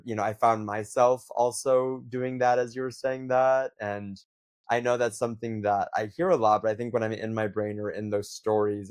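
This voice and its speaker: Man, interview host, lowish voice, reflective, searching, casual fillers. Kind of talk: conversational interview.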